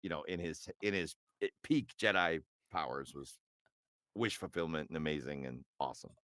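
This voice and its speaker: A man's voice: very deep voice, normal speed, a bit bright, dry recording, clean studio sound. A middle-aged man, a voice actor, chatting as a guest in an interview with lots of fillers and restarts. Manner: rambling and hesitant, with many fillers and restarts. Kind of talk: casual interview chat.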